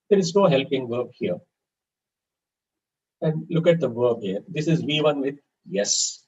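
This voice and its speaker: A man's voice: medium pitch, lively intonation, unhurried, pauses often, darkish tone, husky. A man teaching a live grammar class, patiently repeating example sentences. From India. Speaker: English teacher. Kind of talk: live online grammar lesson. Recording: distant, dull-sounding mic with faint background hiss.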